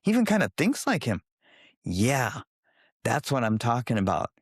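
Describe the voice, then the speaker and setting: A man, a guest on an interview podcast, explaining his work with lively storytelling and acting out what people say. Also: medium pitch, normal speed, breathy edge, dry recording, clean studio sound. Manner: animated storytelling, acting out quoted voices.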